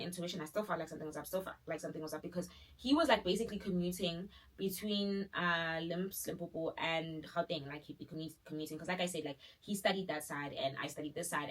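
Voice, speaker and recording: A young woman, telling a dramatic personal story in a casual, animated way full of fillers. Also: lowish voice. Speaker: vlogger.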